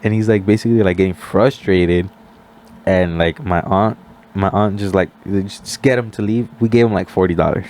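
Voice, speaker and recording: A young man with a lowish voice tells a story on a casual podcast. He talks loosely, fills gaps with "like", and acts out the other people's lines as he goes. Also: moderate pace, a little hiss or hum. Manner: animated storyteller, acts out quoted voices, many "like" fillers. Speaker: podcast guest.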